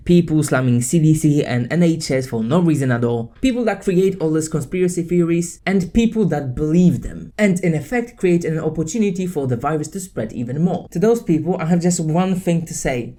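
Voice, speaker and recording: A woman YouTuber delivering an angry, profane comedic rant, with sudden bursts of shouting. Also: fairly low pitch, lively intonation, a little fast, hardly any pauses. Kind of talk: comedic ranting vlog.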